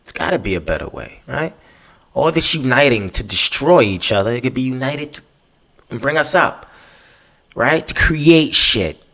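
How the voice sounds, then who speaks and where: Hombre hablando sin filtro, muy malhablado. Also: male voice, medium pitch, sing-song, normal speed, bright, forceful tone. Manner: profane, emphatic, repeats "right?". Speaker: podcast host. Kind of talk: casual monologue.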